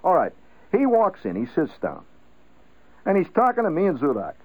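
A man's voice: fairly high pitch, wildly swooping pitch, moderate pace, breathy edge, voice pushed up, full character voice. A man voicing his grumbling, indignant working-class father who quizzes his wife and rants about the paper, heard over a tinny radio broadcast.

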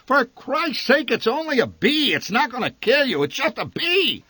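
A man voicing a gruff, irritable father who bellows and curses scornfully at his family from the driver's seat, in a spoken story reading. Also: deep voice, normal speed, pushed and bright, no echo, pitched below the performer's own voice, full character voice. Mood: bellowing.

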